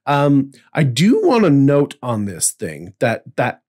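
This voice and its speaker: A man's voice: medium pitch, wildly swooping pitch, takes it slowly, darkish tone. A man co-hosting a podcast in casual chat, earnest and rambling with frequent restarts. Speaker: podcast co-host.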